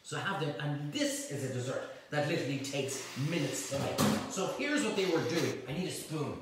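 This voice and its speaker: A man's voice: on the high side, animated, normal speed. A man hosting a live cook-along, rambling and joking with slangy asides. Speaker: chef and cooking show host. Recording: echoey room, mic at a distance, faint noise.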